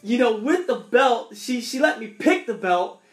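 High-voiced man telling a childhood story. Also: animated, measured pace, roomy sound. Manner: rambling, repeats words and restarts often. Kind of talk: casual storytelling chat.

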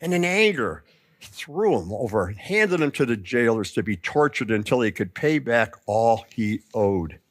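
A man preaching a sermon, telling the story with lively emphasis and acting out the quoted lines. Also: medium pitch, normal speed, no echo, clean studio sound. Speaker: pastor.

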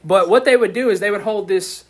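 A preacher man with a high, husky voice talks through a sermon in a casual, animated way. He keeps the audience involved with questions and quick asides. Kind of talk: casual sermon to a youth group.

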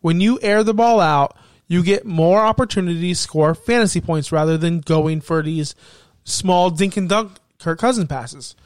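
A high-pitched man on a casual sports podcast, teasing his co-host and firing off statistics. His voice is recorded close and dry, with no room sound. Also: moderate pace, dry recording. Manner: teasing, stat-heavy, needling.

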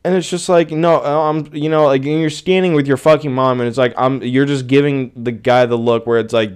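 A man's voice: on the high side, moderate pace, darkish tone, clean tone. A young man hosting a casual solo podcast, ranting in an exasperated, profane way. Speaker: podcast host.

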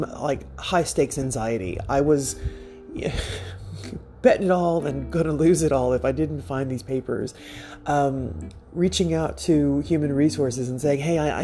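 Man, podcast host, casual rambling monologue, fairly high-pitched, self-deprecating asides, soft music faintly behind. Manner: laughs softly between thoughts.

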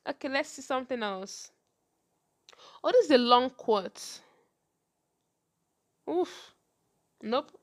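A young woman hosts a casual podcast and gives advice. Her voice sits a little high, and she talks fast, with animated swings and frequent laughs. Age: young adult. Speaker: podcast host.

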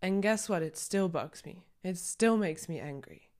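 Young woman host, low voice, raw confessional monologue, blunt and emotional, occasional swearing. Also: measured pace, darkish tone. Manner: raw, candid, swears, on the edge of tears. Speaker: podcast host. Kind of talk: personal reflective monologue.

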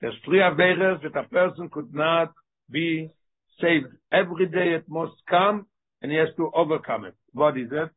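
A man teaching a text study lesson. He reads passages aloud quickly and then explains them more slowly. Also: on the high side, husky. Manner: reads Hebrew quickly, then explains slowly in English with Yiddish-inflected terms. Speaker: Torah teacher. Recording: tinny phone-line audio.

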